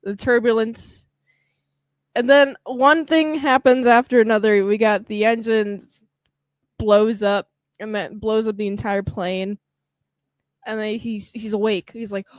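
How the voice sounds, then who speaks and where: A woman co-hosting a podcast, chatting casually about a film and acting out the characters' lines in quick voices. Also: on the high side, steady tone, dry recording. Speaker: podcast co-host. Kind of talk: casual chat recapping a film.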